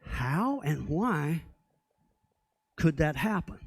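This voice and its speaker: A man's voice: fairly high pitch, very animated, very slow, slightly rough, dry recording. A man preaching a sermon as pastor, often asking the congregation rhetorical questions.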